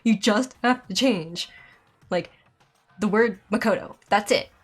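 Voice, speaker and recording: A woman streamer giving exasperated, rambling gameplay commentary, filling her rant with "like" and pushing her voice higher as she gets angry. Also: measured pace, husky, faint music behind. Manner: exasperated, rambling, heavy use of "like"; voice climbs high when angry. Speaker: let's play streamer.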